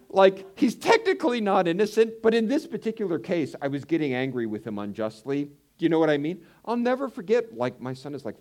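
A man preaching a conversational Bible teaching, animated and telling personal stories. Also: mid-range voice. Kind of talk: sermon.

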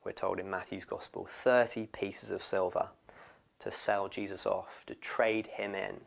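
A man preaching a sermon, expressive and lively, often acting out what people in the story say. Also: low voice, measured pace, vocal fry. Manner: expressive, acts out quoted voices.

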